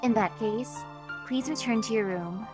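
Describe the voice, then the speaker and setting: A woman plays a stoic young maid from a visual novel, polite and composed, with a fairly high voice. The lines come out even and reserved, set against a clear wash of background music. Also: moderate pace, natural voice. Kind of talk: visual novel reading on stream.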